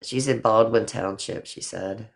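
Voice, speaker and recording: A woman's voice: extremely low pitch, unhurried, vocal fry. Older woman, livestream host, casual chat, affectionate, swears easily, phone mic.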